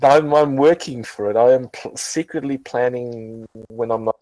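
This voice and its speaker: Drunk and rambling, the host keeps the group voice call going with casual talk, frequent swearing and plenty of false starts. He speaks at a normal speed in a mellow, medium-pitched voice, captured without echo on a low-quality recording.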